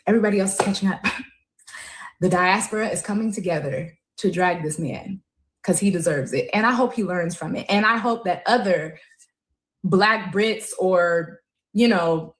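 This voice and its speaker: A woman's voice: medium pitch, slight background noise. Emphatic woman commentator, echoey room. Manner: emphatic, animated, drawn-out stresses. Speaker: co-host. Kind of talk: opinionated commentary.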